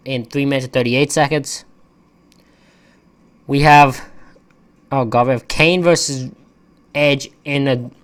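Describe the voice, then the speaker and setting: A wrestling reviewer with a smooth, mid-range voice gives a casual, rambling recap of a wrestling show. He keeps throwing in opinionated, exasperated asides.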